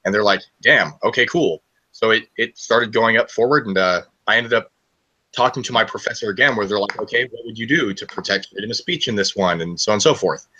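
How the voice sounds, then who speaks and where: Young guy on a stream, husky bright voice, swears a lot and rants. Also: lowish voice, dull audio. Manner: fast, profane, ranting storytelling. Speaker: student on a live stream. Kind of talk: casual live-stream chat.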